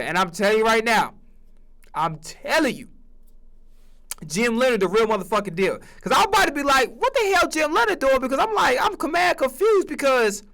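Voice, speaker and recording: A man with a fairly high voice rants about football in a loose, profane way. He jumps into acted-out conversations with different voices, swearing freely and talking with lots of energy. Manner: animated, profane, acts out imagined conversations. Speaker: sports streamer. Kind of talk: profane casual sports rant.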